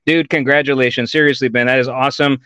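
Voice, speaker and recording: Excited guy hosting a comics stream, says dude and y'all a lot, dry mic. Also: mid-range voice, fast, clear, resonant tone, no room sound. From Texas. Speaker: podcast host. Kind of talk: live-stream interview.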